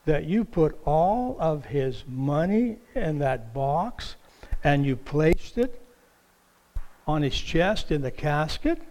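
A man's voice: on the high side, big pitch swings, takes it slowly, darkish tone, full character voice. A preacher doing a disbelieving woman friend. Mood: incredulous. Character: incredulous nosy woman friend at a funeral.

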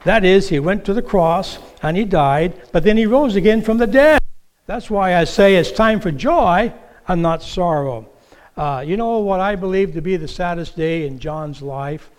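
A pastor preaches from a church stage at normal speed, lively and full of stories, his voice a touch high for a man. He voices the people he quotes, and his stage microphone with monitor picks up the long reverb of a large hall.

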